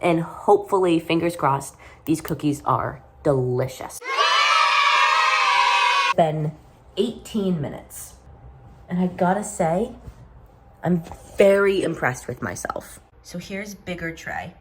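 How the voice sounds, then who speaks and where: A woman filming a casual baking vlog in her home kitchen, excitable and quick to gasp and exclaim. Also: on the low side, a faint crowd. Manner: excitable, gasps and exclaims often. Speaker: vlogger.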